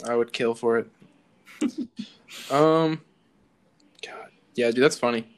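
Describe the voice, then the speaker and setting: A man's voice: medium pitch, slow. Laid-back joking young man on a podcast. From American South. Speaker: podcast co-host. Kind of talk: casual chat.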